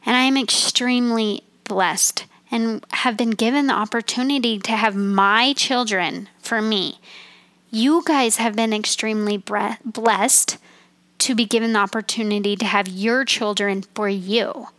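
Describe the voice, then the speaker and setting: A woman's voice: a little high, a little slow, fairly bright tone, no echo. A woman in her thirties hosting a personal faith podcast, talking in an earnest, heartfelt, chatty way. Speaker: podcast host.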